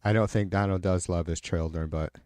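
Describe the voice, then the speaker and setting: A man's voice: low-pitched, steady tone, brisk, a little mellow, no echo. A man from Michigan hosting a casual livestream, reading viewer comments and ranting angrily with lots of swearing, fillers and restarts. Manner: profane, angry ranting with frequent fillers and restarts. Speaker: livestream host.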